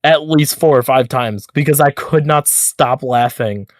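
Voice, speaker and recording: A man's voice: medium pitch, measured pace, dry recording. Dry-sounding man, casual podcast chat. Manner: animated, swears freely, repeats words while thinking. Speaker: podcast co-host.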